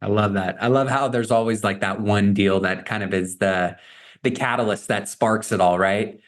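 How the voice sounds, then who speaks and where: Affirming podcast host with a low voice. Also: male voice, steady tone, moderate pace. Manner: affirming, leads with follow-up questions. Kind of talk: interview.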